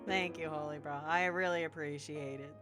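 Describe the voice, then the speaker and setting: A woman's voice: sits low, fairly even intonation, normal speed, over music. A woman streaming a game live, chatting and giggling with her viewers. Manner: chatty, giggly, talks to chat. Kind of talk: live game playthrough commentary.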